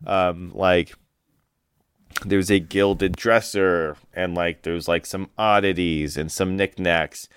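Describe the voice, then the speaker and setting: A man's voice: low voice, fairly even intonation, slow, fairly bright tone, slight background noise. A man narrating as game master of a tabletop game, hesitant with many ums and uhs.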